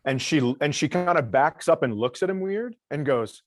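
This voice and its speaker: A man's voice: fairly high pitch, animated, moderate pace, dry recording. A middle-aged male comedian telling a story dryly in casual chat and acting out the people in it. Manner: dry storyteller, acts out the other people in his stories. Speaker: comedian guest.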